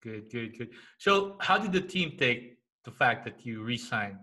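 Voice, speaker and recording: A man's voice: mid-range voice, sing-song, unhurried, bright, forceful tone. A man hosting a basketball podcast, chatting casually and upbeat with plenty of fillers. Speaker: podcast host.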